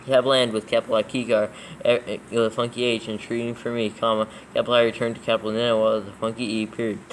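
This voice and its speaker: Brisk, flat male reader dictating text with punctuation for a proofread check. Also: lowish voice, a little hiss or hum, poor audio. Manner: flat, steady reading that spells out punctuation and letters. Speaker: scripture reader in a proofreading session.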